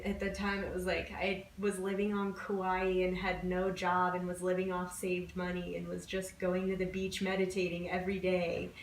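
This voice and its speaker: Chatty woman guest in an echoey room. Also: medium pitch. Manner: chatty, storytelling, many "like" fillers. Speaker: podcast guest. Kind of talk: casual conversation. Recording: roomy echo, distant mic, faint background noise.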